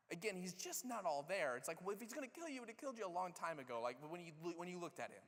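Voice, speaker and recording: A man preaching, his slightly high voice ringing with the long reverb of a large church hall. He tells the story in a lively, casual way and acts out what each character says. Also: quick pace, hardly any pauses. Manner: animated storytelling, acting out characters' lines. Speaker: pastor. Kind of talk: sermon. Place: church sanctuary.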